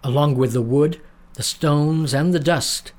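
A man reading a storybook aloud in a measured, dramatic narrating style. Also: a little high, darkish tone.

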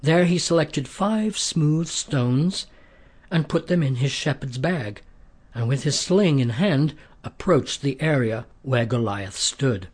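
A man reads a scripted story aloud in a steady, measured manner. His voice is husky and sits at a middling pitch. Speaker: narrator.

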